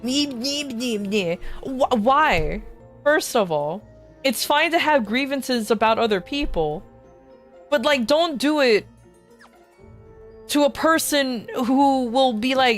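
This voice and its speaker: A young adult woman VTuber chats casually during a gaming stream in a high, expressive voice at a slow pace, with faint music behind. She's blunt, swears freely, laughs a lot, and mocks others in put-on voices.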